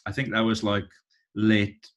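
Lowish voiced guy in his 30s, rambly casual chat, keeps restarting sentences. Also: completely flat delivery, lo-fi sound. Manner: rambling, halting, many restarts. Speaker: touring musician, guest. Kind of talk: casual conversation.

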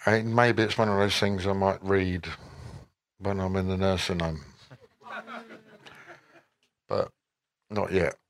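An older man, a musician guest at a Q&A, giving relaxed and rambling answers with wry asides and frequent self-corrections. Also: sits low, slow, pauses often.

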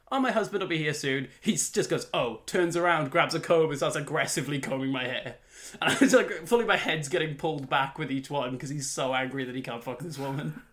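A young man with a somewhat high, bright and forceful voice tells stories on a podcast. He talks casually and with lots of energy, breaks into laughter often, and drops lower when he imitates other people. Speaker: podcast co-host. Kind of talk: casual comedic storytelling.

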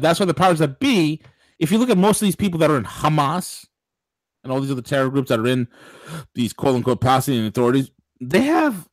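A man hosting a political talk radio show, ranting in an animated way, with mock voices and laughter. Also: medium pitch, dry recording.

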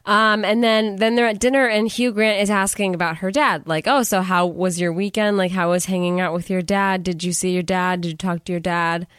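A woman's voice: mid-range voice, steady tone, brisk, few pauses, fairly bright tone, clean tone, dry recording, studio quality. A woman recapping a movie in casual chat, retelling scenes and quoting the characters as she goes. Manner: chatty, retells scenes with quoted voices. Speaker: podcast co-host.

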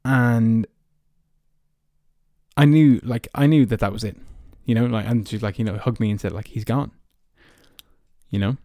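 Low and dark, this voice moves a little slowly with long pauses, recorded dry with clean studio sound. The speaker is an Irish-accented man in his early twenties hosting a podcast, telling personal stories in a chatty, rambling way packed with "like" and "you know."

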